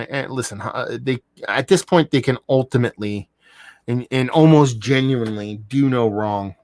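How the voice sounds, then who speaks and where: Male beer reviewer on a live stream: rambling, excitable, swears constantly, mid-pitched voice, dry sound. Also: no echo. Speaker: beer reviewer hosting a livestream. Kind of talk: casual livestream chat. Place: home room.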